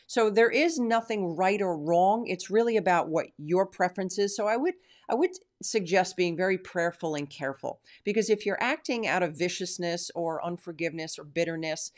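A woman hosting a Christian teaching stream, praying and then answering viewer questions in an earnest, emphatic way with drawn-out stresses. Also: low-pitched. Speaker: Christian teacher and show host.

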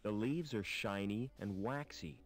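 A dry, measured game hero. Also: male voice, fairly low pitch, gravelly, no echo, soft background music. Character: calm adult male hero, dry and polite. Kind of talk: 1990s adventure game voice acting.

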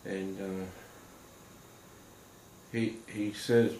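A man giving a personal testimony to viewers, speaking in a halting, earnest way with many pauses and fillers. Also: sits low, level tone, a little mellow. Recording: roomy echo with faint background noise.

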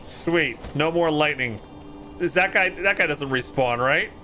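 A man casually commenting while he plays a video game on stream, excitable and quick to exclaim at what happens. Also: a little high. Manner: excitable, exclaims at loot and deaths. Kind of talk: casual let's-play commentary. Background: game music.

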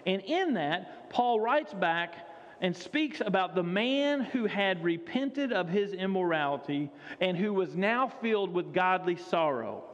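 Casting: high-voiced emphatic male pastor, sermon in a reverberant church, dull recording. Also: lively intonation, a little slow. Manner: emphatic, repeats key phrases. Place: church sanctuary. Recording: dull sound with long hall reverb.

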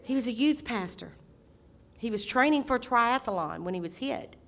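A woman's voice: a little high, expressive, normal speed. Impassioned woman preaching. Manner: impassioned preaching with sudden loud outbursts. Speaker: senior pastor. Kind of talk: sermon.

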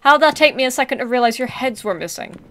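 A woman's voice: high-pitched, lively intonation, fast, fairly bright tone. A woman commenting on a horror game as she plays, chatty and sarcastic, talking back to the mannequins and jumping at scares. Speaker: gameplay streamer.

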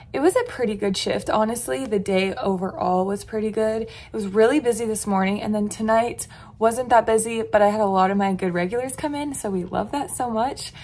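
A woman's voice: on the high side, normal speed, a little mellow. A woman, chatting casually and rambling to her viewers as a vlogger. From Texas. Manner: rambling, chatty, heavy use of "like". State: groggy morning voice. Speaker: vlogger, restaurant server. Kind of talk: casual vlog chat. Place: inside her car. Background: car and road noise.

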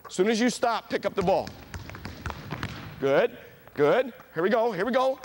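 Man calling brisk court drills. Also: sits high, slight background noise. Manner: calls out short brisk commands to players. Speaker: basketball coach. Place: gym.

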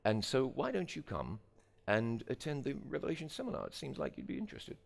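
A man voicing a polite, eager British male pastor who speaks softly and courteously. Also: medium pitch, wildly swooping pitch, fairly quick, creaky, big-room sound, heavily acted.

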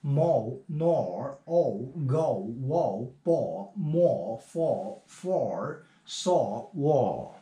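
A man whose first language is Chinese drills English sounds very slowly, repeating each word over and over with long hesitations. His pitch sits at a middle level, and the voice rings in an echoey room. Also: sing-song, mellow. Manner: repeats words slowly, many drawn-out fillers. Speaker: English pronunciation teacher. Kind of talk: slow pronunciation drill lesson.

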